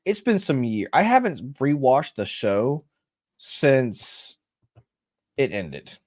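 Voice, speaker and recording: A man from Louisiana recaps a show's plot in loose, rambling talk. He backtracks and corrects himself often. His voice is mid-pitched and recorded dry and close. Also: big pitch swings, slow pace, darkish tone, no echo. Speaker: podcast co-host. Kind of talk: casual livestream chat.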